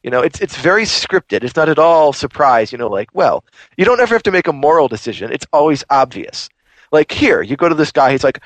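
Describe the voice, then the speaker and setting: A man's voice: on the high side, big pitch swings, brisk, dry recording. A man hosting a podcast, ranting animatedly in casual chat. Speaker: podcast host.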